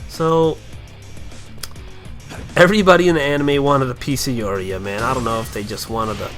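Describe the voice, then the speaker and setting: A young man giving loose, profane gameplay commentary, rambling along and bursting into kung-fu yells. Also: medium pitch, steady tone, moderate pace. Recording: faint game music behind.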